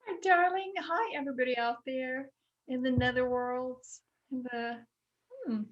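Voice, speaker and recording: A woman with a slightly high voice co-hosts a relaxed spiritual talk show. She speaks affectionately and steers the chat with gentle questions. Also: a little slow, dull audio. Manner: warm, affectionate, asking guiding questions. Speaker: podcast co-host.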